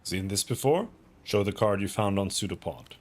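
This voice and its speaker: Animated streamer reading game lines. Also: male voice, lowish voice, moderate pace. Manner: animated, reads dialogue aloud and riffs loosely. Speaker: streamer playing a story game. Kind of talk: livestream game reading and commentary.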